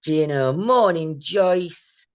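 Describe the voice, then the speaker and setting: A woman's voice: deep voice, expressive, slow pace, no room sound. Chatty woman greeting viewers, dry close sound. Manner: chatty, greets viewers by name, laughs loudly. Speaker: livestream host. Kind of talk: casual morning livestream chat. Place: home.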